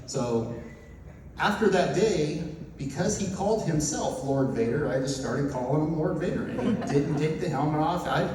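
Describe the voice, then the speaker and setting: A man's voice: a little high, normal speed, a crowd in the background. A man telling a story as a preacher, acting out the voices of the people in it. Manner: animated storyteller acting out dialogue. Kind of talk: storytelling sermon. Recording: echoey hall from far off, noisy.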